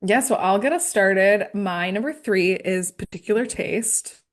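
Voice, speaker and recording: A woman's voice: mid-range voice, a little slow. Chatty woman, rambling and laughing. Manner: rambling, filler-heavy, laughs easily. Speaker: podcast co-host. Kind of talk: casual chat.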